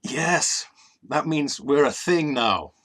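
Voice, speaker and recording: A man's voice: fairly high pitch, lively intonation, takes it slowly, fairly bright tone. A man co-hosting a casual live-streamed talk show, joking around playfully and trailing off into fillers. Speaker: co-host.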